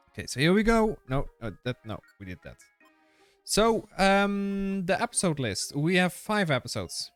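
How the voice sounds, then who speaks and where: A man's voice: a little high, sing-song, normal speed, no echo, soft background music. A man streaming a game live, chatting casually with his viewers in a rambling way, full of fillers and restarts. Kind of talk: casual live-stream chat while gaming.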